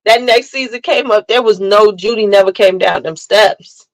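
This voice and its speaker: A woman hosting a casual livestream, telling animated family stories, laughing often and greeting viewers by name. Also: mid-range voice, normal speed, low-quality recording. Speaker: livestream host chatting with viewers. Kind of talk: casual chat.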